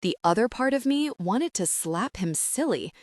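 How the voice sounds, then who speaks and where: A woman's voice: mid-range voice, animated, moderate pace, dry recording, clean studio sound. A woman narrating a romance audiobook in the first person, reading in an emotional, tearful way. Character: hurt, furious young woman demanding answers.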